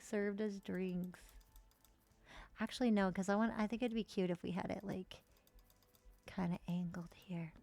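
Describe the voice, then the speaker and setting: A woman's voice: medium pitch, creaky, darkish tone, no room sound. A woman streaming a life-simulation game, chatting casually and swearing now and then as she plays. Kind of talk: casual gameplay commentary.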